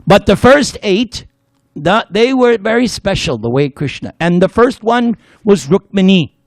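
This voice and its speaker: A man's voice: high voice, lively intonation, unhurried, dry recording, studio quality. A man giving a devotional class lecture, telling stories with jokes and leading the audience in chanting. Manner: playful, leads the audience in call-and-response chanting; storytelling with jokes. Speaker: spiritual lecturer.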